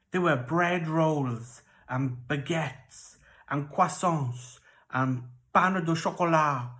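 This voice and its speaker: Chill baker dude who loves his treats, kids bible story, slow and chatty, storyteller putting it on. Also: mid-range voice, a bit bright. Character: casual, food-loving male royal baker.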